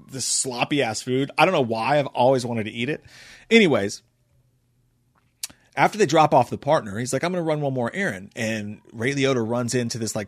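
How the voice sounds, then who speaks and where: A man casually recapping a movie in a rambling, profane, enthusiastic way. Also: medium pitch. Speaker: movie reviewer.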